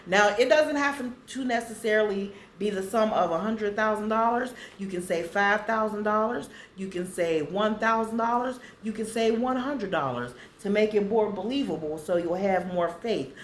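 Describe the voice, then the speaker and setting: A woman vlogger casually talking to viewers and slowly reading affirmations aloud so they can write them down. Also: mid-range voice, expressive, roomy sound, a little hiss or hum. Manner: slow, deliberate reading for viewers to copy.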